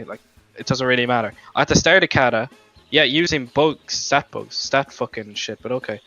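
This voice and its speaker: Bright, argumentative young gamer guy. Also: mid-range voice. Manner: argumentative, swearing, rambling. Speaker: gamer in voice chat. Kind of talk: heated voice chat argument. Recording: lo-fi voice chat mic with faint music.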